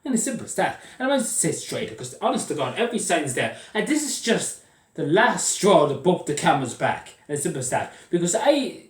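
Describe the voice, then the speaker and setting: A man's voice: fairly high pitch, sing-song, fairly quick. An Irish man ranting angrily to camera, swearing often and repeating himself as he gets worked up. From Ireland. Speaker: vlogger. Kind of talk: angry political rant. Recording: echoey room, mic at a distance.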